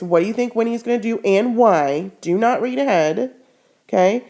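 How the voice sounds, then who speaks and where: A woman's voice: a little high, moderate pace, darkish tone. A woman teacher reading a novel aloud to her class, stopping to quiz the students and then giving firm instructions.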